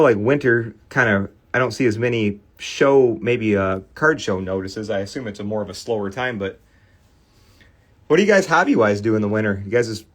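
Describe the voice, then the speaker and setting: A middle-aged man hosting a casual card-cleaning livestream, rambling through a funny story and talking to his viewers. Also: fairly low pitch. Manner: rambling storyteller, laughs often, chatty with viewers.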